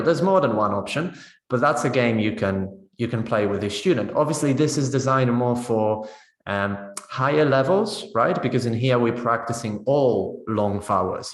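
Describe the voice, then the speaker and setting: A man with a lowish, slightly bright voice leads a pronunciation session for teachers in a webinar teaching demo, and the sound is reverberant. He walks through the material step by step, frequently checking in with "right?"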